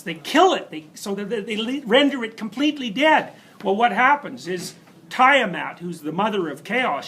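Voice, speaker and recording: High-voiced emphatic male lecturer. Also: fairly bright tone, poor audio. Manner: emphatic, storytelling with asides and rhetorical questions. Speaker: university lecturer. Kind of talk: classroom lecture.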